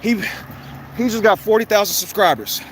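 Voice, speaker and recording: Guy ranting while he walks outside, pretty high voice, cars and street noise loud behind him. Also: animated, moderate pace. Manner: blunt, heated, profane ranting. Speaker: vlogger. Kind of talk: walking vlog monologue.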